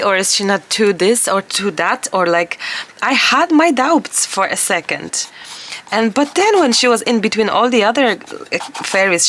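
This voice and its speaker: A woman collage artist chatting casually to camera while she crafts, her voice hoarse and gravelly, talking in a rambling way with frequent laughs. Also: medium pitch, a bit bright, slight background noise.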